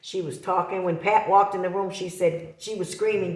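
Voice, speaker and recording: A woman's voice: fairly low pitch, steady tone, moderate pace, darkish tone, echoey room. A middle-aged woman talking straight to her viewers, impassioned and accusing, repeating her points. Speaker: vlogger. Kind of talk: emotional direct-to-camera talk.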